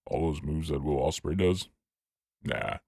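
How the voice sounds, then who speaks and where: Man impersonating a very deep, gravelly old wrestler, bragging, dry close sound. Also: fairly even intonation, warm tone, dry recording, exaggerated voice. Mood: boastful. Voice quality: gravelly, growling. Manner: boastful, drawn-out "brother". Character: gravelly old male wrestling legend, boastful.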